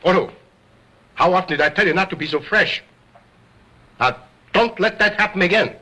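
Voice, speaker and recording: A man's voice: sits high, lively intonation, moderate pace, background noise. A man performing as a ventriloquist on stage, speaking as a grand, formal showman. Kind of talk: stage comedy act.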